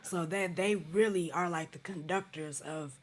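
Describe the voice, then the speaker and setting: A woman's voice: lowish voice, measured pace. A woman who is a podcast guest, talking casually and earnestly explaining her upcoming surgery. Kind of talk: casual chat.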